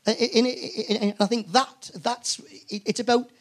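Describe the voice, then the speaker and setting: A man's voice: very high-pitched, fairly even intonation, a little slow. A Geordie man in his sixties, a guest telling rambling, sweary anecdotes full of restarts. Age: 60s. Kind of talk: live comedy podcast interview.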